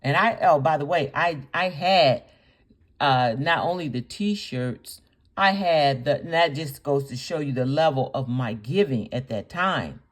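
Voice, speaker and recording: A woman's voice: sits low, expressive, a little slow. A woman hosting a reaction video, scolding indignantly, piling up rhetorical questions and repeating her points for emphasis. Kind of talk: reaction commentary.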